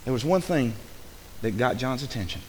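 A man's voice: medium pitch, animated, normal speed, a little mellow, a little hiss or hum. A man preaching a sermon, asking his congregation rhetorical questions with rising fervor. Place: church. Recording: long hall reverb.

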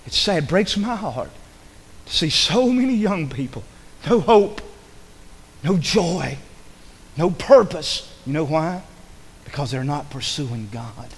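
A man preaching a sermon in a folksy, repetitive way, swinging between loud emphasis and hushed asides. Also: a little high, lively intonation, slow, pauses often, slightly rough. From rural upbringing. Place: church. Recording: long hall reverb.

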